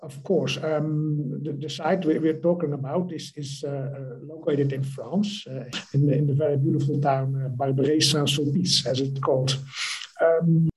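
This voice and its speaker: Slightly high-voiced hesitant male guest. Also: steady tone, a little slow, darkish tone, low-quality recording. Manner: hesitant, repeats words. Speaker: guest, remediation project manager. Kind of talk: interview answers.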